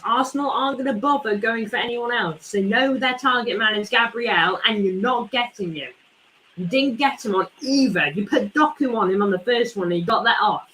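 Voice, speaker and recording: Exasperated football fan, bright voice. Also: medium pitch, a little hiss or hum, low-quality recording. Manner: frustrated, exasperated ranting; rhetorical questions, repeats points. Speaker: fan channel host. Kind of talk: live football watchalong commentary.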